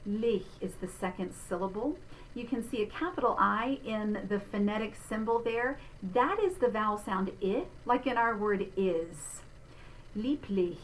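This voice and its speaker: A middle-aged woman, a vocal instructor giving a clear, patient pronunciation lesson with spoken demonstrations. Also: medium pitch, normal speed, a little hiss or hum, poor audio. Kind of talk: diction lesson.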